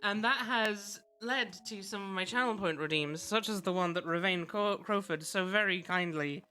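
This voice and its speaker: A woman's voice: medium pitch, moderate pace, sharp tone, smooth. A woman streaming a game, chatting casually, laughing often and thanking viewers. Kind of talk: casual live-stream chat.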